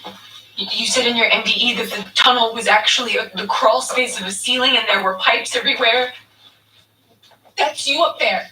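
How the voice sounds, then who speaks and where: A woman's voice: medium pitch, a little slow, bright, forceful tone, reverberant, recorded from a distance, poor audio. An actress in a TV drama playing an earnest woman who urgently pleads with her fellow survivor. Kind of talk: TV drama dialogue. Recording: TV audio heard from across a room.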